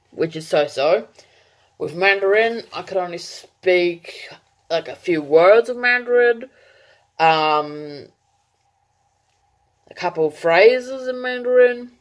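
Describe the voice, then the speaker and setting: A woman vlogger chatting casually to camera, rambling with fillers, correcting herself and laughing at herself. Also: lowish voice.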